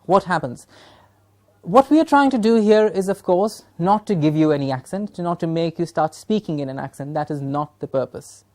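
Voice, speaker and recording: A woman from Punjab, India, with a lowish, darkish voice at a moderate pace, delivers a training workshop lecture to teachers. She is emphatic, full of rhetorical questions, and often checks in with "Yes?"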